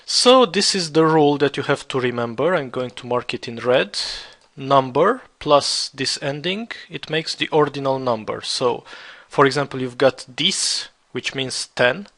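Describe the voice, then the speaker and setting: Man, slow beginner language lesson, unhurried, spells things out, gravelly fry, keyboard typing behind. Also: medium pitch, fairly bright tone. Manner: slow, repetitive, spells words out letter by letter. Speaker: French teacher.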